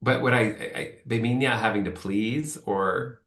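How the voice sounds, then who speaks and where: A man's voice: medium pitch, moderate pace, fairly bright tone, reverberant. A man talking as a podcast guest, candid and rambling, acting out bits of remembered speech. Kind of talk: casual conversation.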